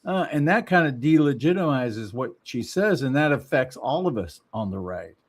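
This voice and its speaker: A man's voice: medium pitch, very animated, normal speed, breathy edge. Easygoing male talk-show host. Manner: easygoing, frequent agreeing interjections. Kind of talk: casual political chat.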